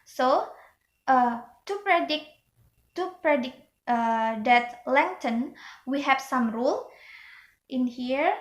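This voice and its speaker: Young woman student presenting in class, slow and halting, lots of uh, roomy echo. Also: high-pitched, lively intonation. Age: young adult. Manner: hesitant, many fillers and restarts.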